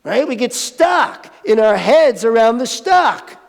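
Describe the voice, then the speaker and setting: High-voiced, gravelly male spiritual speaker. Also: big pitch swings, slow. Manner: conversational, playful, asks the audience questions. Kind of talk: sermon. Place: spiritual centre sanctuary. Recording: reverberant hall.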